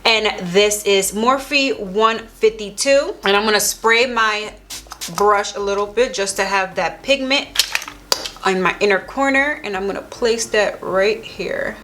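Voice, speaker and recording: A woman's voice: medium pitch, measured pace, a bit bright, faint music behind. A young woman vlogger narrating a makeup tutorial, gushing and enthusiastic as she applies products. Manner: gushing, enthusiastic, talks while applying makeup. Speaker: beauty vlogger.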